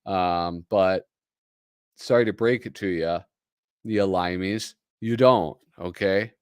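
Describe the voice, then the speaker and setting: A man's voice: sits low, fairly even intonation, takes it slowly, a little mellow, smooth, dry recording. A man hosting a casual livestream, rambling and self-deprecating as he reads through comics. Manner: rambling, self-deprecating, lots of fillers and laughs. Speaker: host. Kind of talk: casual livestream chat while reading comics. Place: home streaming setup.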